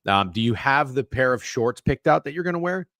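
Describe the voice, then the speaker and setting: A man's voice: medium pitch, lively intonation, fairly quick, a bit bright, no room sound, studio quality. A man hosting a sports betting podcast, talking in casual, profane, defensive banter. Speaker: podcast host.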